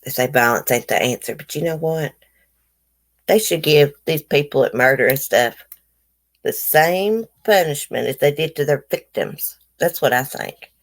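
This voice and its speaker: Low-voiced woman, blunt livestream chat. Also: normal speed. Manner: blunt, opinionated, chatty with viewers. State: toothache, swollen face. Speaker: livestream host. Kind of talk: casual livestream commentary, reading news aloud.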